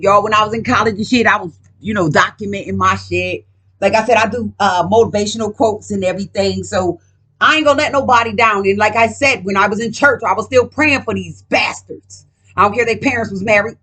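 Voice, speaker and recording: A woman's voice: mid-range voice, fairly quick, fairly bright tone, slightly rough. A woman vlogger talking casually while reading tarot cards, profane and emphatic, rambling and speaking straight to her viewers.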